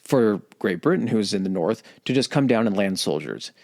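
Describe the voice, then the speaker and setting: A man co-hosting a history podcast, chatting casually and acting out historical figures in quick put-on voices. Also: fairly low pitch, animated, a little mellow. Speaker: podcast co-host.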